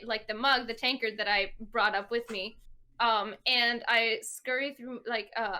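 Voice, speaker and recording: A woman with a rather high, sharp-toned voice plays her character in a tabletop game. She speaks hesitantly in the first person, full of fillers and restarts.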